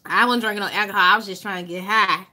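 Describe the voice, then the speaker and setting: Southern woman vlogging, super bright sharp voice, loud animated storytelling, stretches words out. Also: medium pitch. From Alabama. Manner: animated, drawn-out emphasis, swearing freely. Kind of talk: casual storytelling to viewers.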